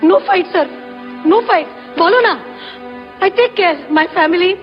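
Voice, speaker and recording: Desperate Indian mother, very high pitch, pleading, film mix with music. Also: lively intonation, normal speed. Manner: broken English, begging. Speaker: mother in a courtroom. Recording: muffled film soundtrack with music.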